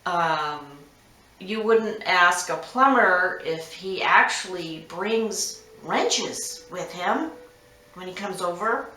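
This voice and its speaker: Woman, massage therapist, frank instructive tone, bright voice, echoey room. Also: on the low side, animated, slow, a little hiss or hum. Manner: frank, instructive, lists numbered tips. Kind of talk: direct advice monologue. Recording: roomy echo.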